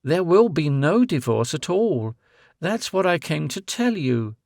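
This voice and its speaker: A man voicing a grown woman who is tender, sorrowful and resolute, speaking with soft pleading. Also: fairly high pitch, big pitch swings, unhurried, dry recording, studio quality.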